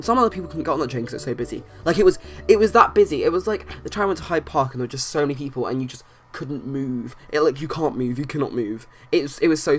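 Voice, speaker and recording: A young adult rattles through a casual story at a quick clip. The talk rambles, full of restarts and fillers, over soft background music. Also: medium pitch. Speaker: channel host. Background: faint background music.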